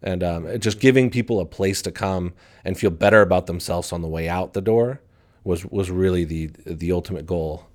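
Deep voiced guy in his 20s, podcast guest, earnest and thoughtful. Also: normal speed. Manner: earnest, reflective, animated when excited. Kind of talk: casual podcast conversation. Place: podcast studio.

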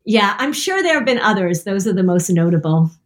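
A woman's voice: mid-range voice, very animated, a little fast. Middle-aged woman co-host, self-deprecating storyteller, laughs easily. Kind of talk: casual chat, storytelling.

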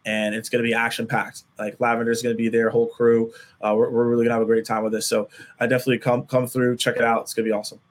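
A man's voice: medium pitch, rapid-fire. Easygoing man talking casually as a guest. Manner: relaxed and casual, with fillers like "like". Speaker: guest, sales content creator. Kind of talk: casual interview talk.

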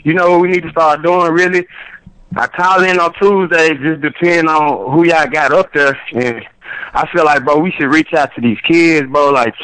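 A man's voice: on the high side, steady tone, normal speed, fairly bright tone, smooth, no room sound, rough recording. A man calling in to a podcast, laid-back and repeating himself in casual chat. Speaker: caller. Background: friends talking and laughing.

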